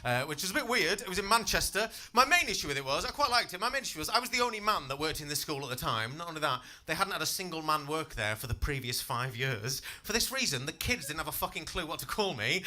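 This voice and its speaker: A twenty-something comic works the club crowd, trading banter, swearing freely and poking fun at himself with a cheeky edge. His voice is a little high, bright and forceful, with big pitch swings, and he talks fast with few pauses.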